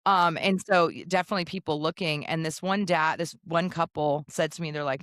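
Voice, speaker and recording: A woman co-hosting a podcast, telling a parenting story in an animated, casual way and acting out voices. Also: low voice, brisk, few pauses, no room sound, clean studio sound. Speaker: podcast co-host. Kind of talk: casual chat.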